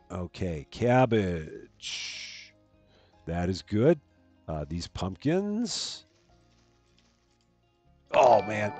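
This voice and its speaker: A low-voiced man chatting his way through a livestream game, rambling from one thought to the next and jumping up bright and loud when he greets viewers. His delivery swings widely in pitch, recorded dry and close. Faint game music plays underneath. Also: no room sound. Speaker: gaming livestream host. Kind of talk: casual gameplay commentary.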